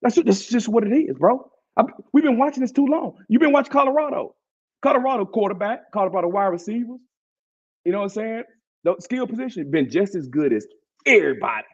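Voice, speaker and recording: A man with a Southern twang hosting a casual sports talk show, animated and slangy, leaning on "bro" to drive points home. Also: high voice, a little fast, husky, dull audio. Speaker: podcast host.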